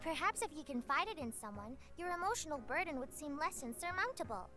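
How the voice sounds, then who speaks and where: Woman playing a pixie, female, tiny, prim, preachy, high voice, faint music behind. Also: sing-song, fairly quick, sharp tone, exaggerated voice. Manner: lofty, lecturing, theatrical. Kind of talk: dramatic reading of a visual novel.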